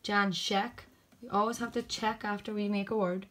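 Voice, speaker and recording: A woman's voice: mid-range voice, steady tone, moderate pace, fairly bright tone. A woman teacher, sounding out letters one by one in a phonics lesson for children.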